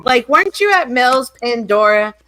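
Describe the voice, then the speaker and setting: A woman's voice: on the high side, very animated, normal speed, pushed and bright. Inquisitive woman hosting a panel. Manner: inquisitive, probing questions. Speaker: livestream host.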